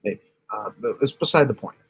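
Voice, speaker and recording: A man's voice: mid-range voice, fairly quick, slightly rough. A man hosting a casual weather stream, rambling through model maps, often correcting himself and reacting to chat. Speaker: weather channel host. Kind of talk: casual livestream weather analysis.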